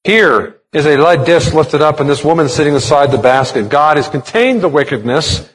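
A man's voice: fairly high pitch, expressive, moderate pace. A man preaching a sermon as a pastor, explaining a text step by step and asking rhetorical questions. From United States.

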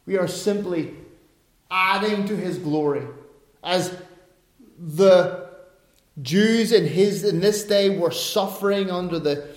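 A man's voice: high voice, takes it slowly, long pauses. A middle-aged male pastor preaching a sermon, emphatic, with chatty asides and self-corrections. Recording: echoey room.

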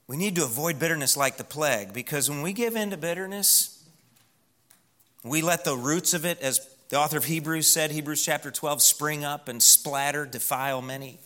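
A man preaching a sermon as pastor in a church, emphatic, slowing down and dropping to a hush on key words. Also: fairly high pitch.

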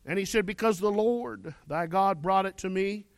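A man's voice: high voice, normal speed, creaky, no echo. A man preaching a sermon, reading scripture aloud and then pressing his listeners with pointed questions. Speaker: pastor.

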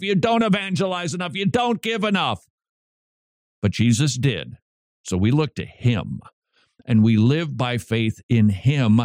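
A man hosting a Christian radio show, preaching emphatically with rhetorical questions and near shouts. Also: medium pitch, no room sound, clean studio sound.

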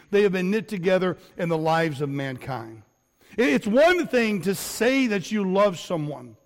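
Middle-aged male pastor, high voice, earnest and repetitive sermon delivery in a church with long echo. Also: gravelly. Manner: earnest preaching with repetitions and fillers. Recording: long hall reverb.

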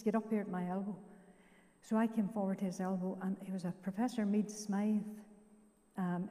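An older woman with a Northern Irish accent tells her own story of faith at a church service, keeping her delivery even and unhurried in pitch. Her voice is soft and mellow, and she acts out the dialogue in a plain storytelling manner. The sound carries a long reverb from the church hall. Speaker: guest giving her testimony. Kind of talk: personal testimony at a church service.

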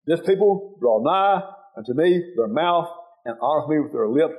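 A man's voice: a little high, expressive, normal speed. Older pastor, folksy and earnest, lifts his voice on scripture; tinny lo-fi church recording. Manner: folksy, earnest preaching, rising emphasis on scripture. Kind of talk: sermon. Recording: tinny phone-like sound.

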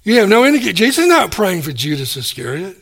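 A man preaching a sermon, animated, acting out the people he quotes and chuckling between points. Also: high-pitched, quick pace, gravelly. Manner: animated, acts out quoted speakers.

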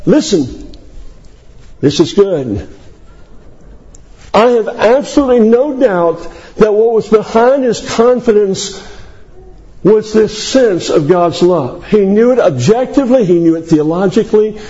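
A male preacher delivering a sermon, emphatic and climbing into high declamation. His voice sits high but sounds mellow and warm. The recording is dull and lo-fi. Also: animated, a little slow, long pauses. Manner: emphatic, rising to high declamation on scripture lists.

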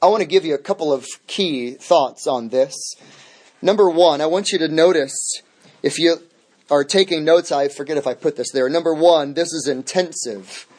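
A man's voice: on the high side, normal speed, a little mellow. A man teaching a midweek Bible study as pastor, emphatic, restating key phrases over and over.

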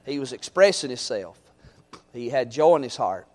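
A middle-aged man preaching a sermon, swinging from loud exhortation to quiet storytelling. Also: mid-range voice, expressive, normal speed.

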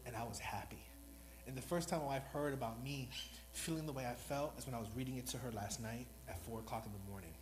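A man's voice: mid-range voice, fast talker, poor audio. A man preaching a sermon in an earnest, rambling, self-deprecating way, new to speaking before this congregation. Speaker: lay preacher.

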